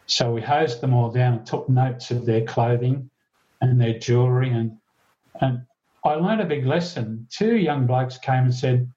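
A man tells his story in an earnest, halting way, often restarting his sentences and quoting others. His voice is mellow and dark at a middling pitch. The recording is dull and lo-fi. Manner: earnest, halting, with many restarts and quoted dialogue. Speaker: former police officer and guest. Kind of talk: recounting a story in an interview.

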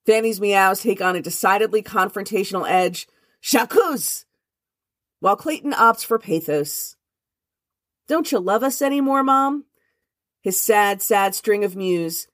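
A woman host reads her own essay with wry, mock-dramatic emphasis, then drifts into loose, chatty asides full of restarts. It is her morning voice, close and dry on the mic, with a middling pitch for a woman. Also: dry recording. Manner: chatty with restarts when speaking off the page. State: first-thing-in-the-morning voice. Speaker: podcast host and author. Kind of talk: reading her own essay aloud, then casual chat.

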